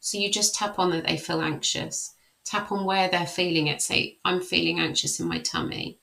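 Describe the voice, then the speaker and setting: A woman life coach leading a guided tapping session. She speaks slow, repeated affirmations, then explains the method in a friendly way. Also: fairly low pitch, vocal fry, sharp tone, poor audio.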